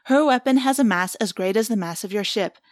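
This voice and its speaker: Woman doing a calm know-it-all alien boy, lecturing, dry close sound. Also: mid-range voice, a little fast, no echo, lightly acted. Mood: patient. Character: patient, pedantic young male alien. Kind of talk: reading a book aloud in character.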